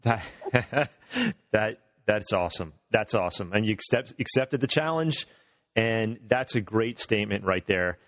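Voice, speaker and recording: A man's voice: fairly low pitch, expressive, a little slow, fairly bright tone, no echo, studio quality. A man hosting a casual health interview, upbeat and encouraging, repeating words as he talks. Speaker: host.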